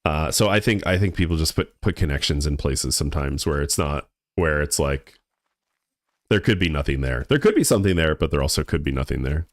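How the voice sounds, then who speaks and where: A very deep, animated voice comes through a dry recording as a young man talks fairly quickly to his viewers during a game stream. His laid-back chat rambles, with stumbles and repeated words.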